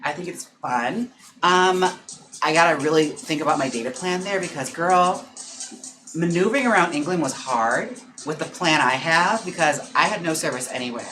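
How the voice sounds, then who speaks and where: A man's voice: a little high, animated, bright, forceful tone, rough recording. A young adult man, a drag performer, chatting casually on a live stream, gossipy and full of "like" and "girl" as he reads viewer comments. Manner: chatty and gossipy, lots of "like" and "girl", quick laughs. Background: background music.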